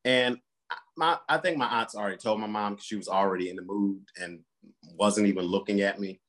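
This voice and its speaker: A man's voice: lowish voice, fairly quick, a bit bright. A man, a pastor and interview guest, telling a personal story candidly and earnestly, acting out the quotes.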